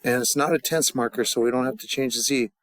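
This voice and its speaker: A man teaching a casual grammar lesson, talking in halting starts and restarts with fillers and joking asides. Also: mid-range voice, no room sound. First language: English. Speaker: language teacher.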